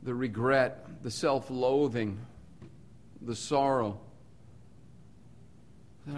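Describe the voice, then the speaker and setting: Preaching slowly and with long pauses, this man keeps his middle-pitched voice earnest and steady. Repeated phrases stack up to build emphasis as he moves between soft, low stretches and emphatic bursts.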